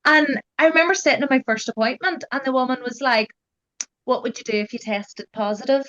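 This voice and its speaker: A woman's voice: sits high, brisk, sharp tone. Chatty young woman, lo-fi sound. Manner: chatty, heavy use of "like" and "you know". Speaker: guest sharing her genetic testing experience. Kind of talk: casual conversational storytelling.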